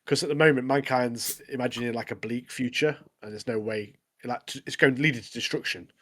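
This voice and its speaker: A man co-hosting a podcast, recapping episodes in casual, animated chat. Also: medium pitch, brisk. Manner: animated recapping, frequent "mate". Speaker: podcast co-host.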